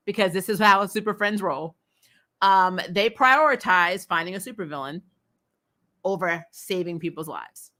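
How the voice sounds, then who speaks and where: A woman's voice: medium pitch, pushed and bright. A woman casually recapping a TV episode, chatty and opinionated, often exasperated, with fillers and laughs. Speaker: host.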